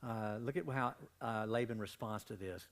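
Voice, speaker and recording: A man's voice: lowish voice, normal speed. A man preaching a midweek Bible study in a church, reading scripture with growing intensity and a strained voice. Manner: animated, reads scripture with rising intensity. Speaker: pastor.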